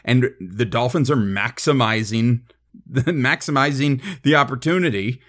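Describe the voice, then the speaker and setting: Animated male sports podcast co-host. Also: mid-range voice, a little slow. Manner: animated, exasperated rhetorical questions. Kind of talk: casual sports podcast chat.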